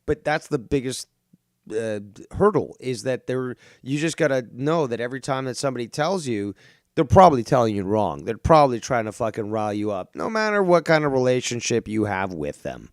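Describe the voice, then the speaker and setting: A man's voice: mid-range voice, sing-song, a little fast, no room sound, studio quality. A man hosting a casual call-in show, talking bluntly and lecturing a caller with swearing mixed in.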